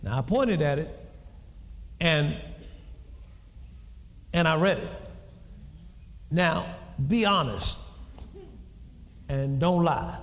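A man preaches from the pulpit, his voice high and swinging widely in pitch as he climbs into shouted lines. The sound is bright and cutting. A long church-hall reverb hangs behind him with faint room ambience. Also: expressive, extremely slow, long pauses. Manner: preaching, rising to shouts, storytelling asides. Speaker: pastor. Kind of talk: sermon.

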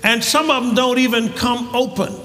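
High-voiced man preaching in an echoey hall. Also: moderate pace. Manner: preaching, shouting and repeating words. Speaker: pastor. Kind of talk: sermon. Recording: echoey hall with audience noise.

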